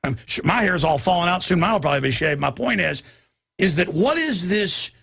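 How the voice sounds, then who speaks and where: A man's voice: high voice, lively intonation, a little fast, vocal fry, a bit bright, slightly rough, dry recording, clean studio sound. A middle-aged man hosting a talk show, ranting emphatically with frequent stammers and restarts. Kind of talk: heated talk-radio conversation.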